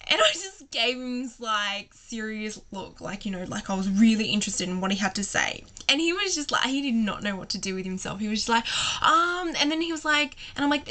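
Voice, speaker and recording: Young woman vlogger, higher-pitched and bright, giggly, rambling, full of fillers. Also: animated, a little fast. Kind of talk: casual storytelling to camera.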